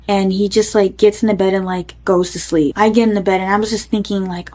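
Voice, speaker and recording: A woman's voice: mid-range voice, level tone, a little fast, few pauses, a little mellow. Young woman rambling through a storytime. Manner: rambling, many "like" fillers. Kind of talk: casual storytime.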